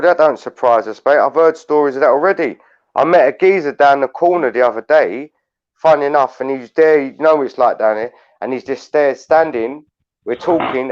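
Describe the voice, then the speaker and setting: A man's voice: fairly high pitch, no echo, muffled recording. A man with a London accent who hosts a livestream panel, telling stories in a blunt, sweary rant. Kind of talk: heated casual chat.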